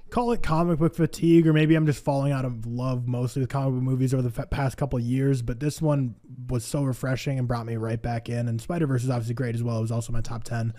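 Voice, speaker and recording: Fast-talking man gushing about films. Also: mid-range voice, fairly even intonation, mellow. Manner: rapid, gushing, with many filler likes. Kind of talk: casual movie review chat.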